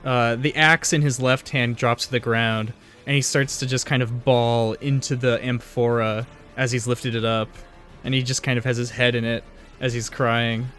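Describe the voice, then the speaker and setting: A man's voice: mid-range voice, little pitch movement, moderate pace, fairly bright tone, soft background music. Laid-back man running a tabletop game. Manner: easygoing, hesitant with fillers. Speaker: dungeon master.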